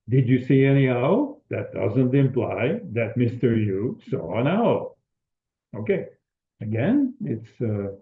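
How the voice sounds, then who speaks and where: An older man, a native Dutch speaker, giving an academic seminar lecture on linguistics in a hesitant, explanatory way with frequent restarts. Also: medium pitch. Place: lecture room. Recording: echoey room over a thin phone-like line.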